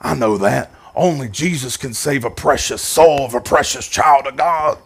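A male pastor putting on the voice of a smug, pious churchgoer man, speaking in a drawn-out, mock-solemn tone. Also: mid-range voice, vocal fry, breathy edge.

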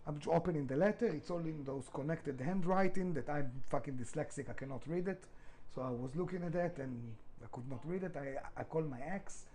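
A man's voice: on the high side, brisk, warm tone, a little hiss or hum, low-quality recording. A middle-aged man, a restaurant founder, telling his story in a podcast interview, emphatic, swearing freely, with non-native grammar.

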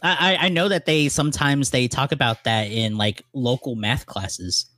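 A man co-hosting a casual podcast, talking in halting bursts, often stumbling over words and laughing. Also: mid-range voice, sharp tone, no echo, clean studio sound. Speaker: podcast co-host. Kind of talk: casual chat.

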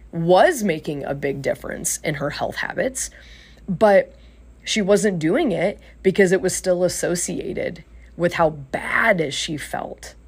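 Husky, gravelly woman life coach. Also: fairly low pitch. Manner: earnest, retells conversations with acted quotes. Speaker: life coach and podcast host. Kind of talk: casual storytelling.

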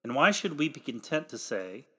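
A man delivering a read sermon in old-fashioned, formal pulpit language, emphatic and growing louder on the exhortations. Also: medium pitch, very animated, moderate pace, slightly rough. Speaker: preacher.

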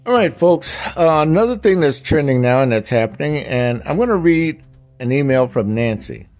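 A man's voice: fairly high pitch, animated, normal speed, a little mellow, soft background music. A man hosting a talk show in a folksy, conversational way, introducing and reading a listener's email. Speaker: radio show host.

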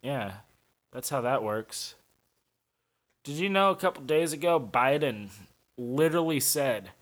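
Ranting, crude St. podcaster. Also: male voice, medium pitch. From St. Louis, USA. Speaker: podcast host. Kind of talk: profane podcast monologue.

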